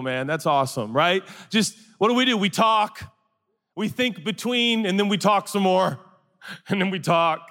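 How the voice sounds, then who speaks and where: Animated man preaching in a reverberant hall. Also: sits high, a little slow. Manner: animated, acts out voices for comic anecdotes. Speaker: pastor. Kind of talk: sermon storytelling. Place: large hall with audience.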